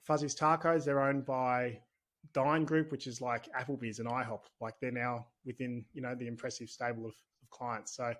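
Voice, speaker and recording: A man with an Australian accent, a business owner, guests on a podcast for a casual conversational interview. He talks a little fast in a medium-pitched, steady, fairly bright voice, rambling in a chatty, candid manner.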